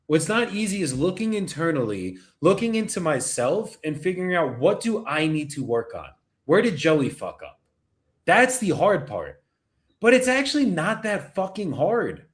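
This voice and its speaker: A man hosting a casual motivational talk, blunt and heavily profane. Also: fairly high pitch.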